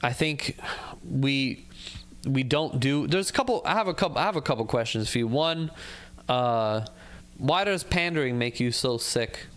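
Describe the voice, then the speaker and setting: A man's voice: medium pitch, animated, normal speed, fairly bright tone. A male comedian co-hosting a casual podcast chat, laid-back and agreeable, asking questions and backing up his partner. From San Francisco Bay Area. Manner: laid-back, agreeable, lots of short backchannel replies.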